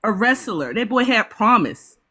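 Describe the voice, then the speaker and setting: A woman giving heated reaction commentary, ranting fast and full of swearing, upset and apologizing. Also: fairly high pitch, sing-song, bright, forceful tone. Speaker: panelist.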